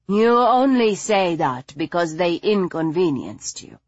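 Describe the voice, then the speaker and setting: A woman reading the part of a refined, patient aristocratic lady who speaks in a measured, gently chiding way. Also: on the low side, big pitch swings, no room sound, lo-fi sound, exaggerated voice.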